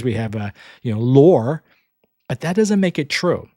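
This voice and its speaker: Speaking slowly with big swings in pitch and a darkish tone, a man from the American South hosts a podcast and answers listener questions. He rambles casually, chuckles a lot, and makes self-deprecating asides, all in studio quality with no room sound.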